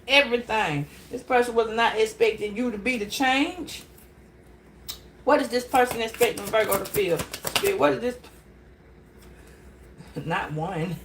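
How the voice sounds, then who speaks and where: A woman giving a casual tarot reading, blunt and profane, animated and laughing often. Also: fairly high pitch, moderate pace, slight background noise. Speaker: tarot reader.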